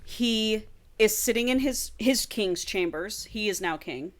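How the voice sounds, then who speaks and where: A woman's voice: mid-range voice, lively intonation, a little slow. Chatty woman retelling a steamy book. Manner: chatty, swears freely, acts out dialogue. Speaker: podcast co-host.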